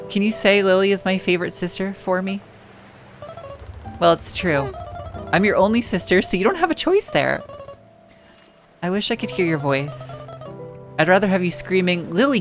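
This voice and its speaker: A woman voicing a rambling, gentle younger sister, with game music behind. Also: medium pitch, natural voice. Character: chatty loving younger sister at a hospital bed.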